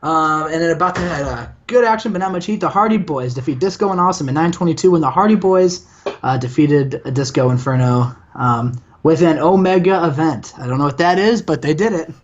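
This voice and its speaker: A man's voice: a little high, fairly quick, dull audio. A young man hosting a gaming channel, narrating a game in casual, rambling commentary with many fillers. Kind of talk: casual let's-play commentary.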